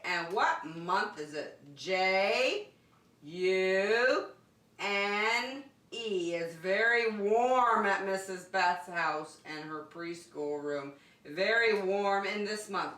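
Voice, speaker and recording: Slow sing-song preschool teacher, echoey room. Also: female voice, mid-range voice, lively intonation, bright, forceful tone, distant mic. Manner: slow, cheerful, sing-song teacher talk to small children. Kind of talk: online circle time for young children. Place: room in her home.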